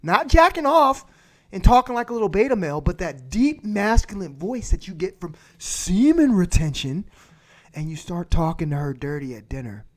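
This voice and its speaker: A man's voice: high voice, sing-song, moderate pace. A man hosting a livestream, giving blunt, crude advice and repeating his points for emphasis. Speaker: livestream host. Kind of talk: profane advice rant.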